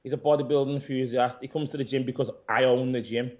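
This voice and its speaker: A man, an interview guest who owns a gym, retelling events in a rambling, animated way, swearing and calling people "mate". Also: mid-range voice, fast. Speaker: interview guest, gym owner and pro bodybuilder. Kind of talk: casual storytelling interview. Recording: dull lo-fi audio.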